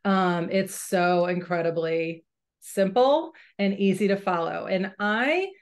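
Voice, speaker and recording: Chatty, excitable woman testimonial. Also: medium pitch, slow pace. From St. Louis, Missouri. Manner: chatty and excitable, lots of fillers. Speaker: new sales consultant sharing her story. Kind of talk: personal testimonial.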